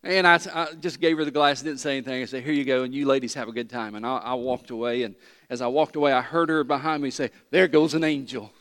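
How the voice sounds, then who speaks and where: A man's voice: mid-range voice, quick pace, fairly bright tone, smooth. A man preaching a sermon as pastor, telling a personal story in an earnest way that rises to emphatic peaks. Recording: long reverb of a large hall.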